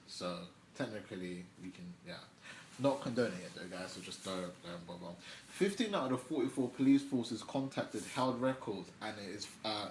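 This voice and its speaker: A young man hosting a news vlog, giving casual news commentary in a slangy, chatty way with offhand asides. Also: mid-range voice. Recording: echoey room, faint background noise.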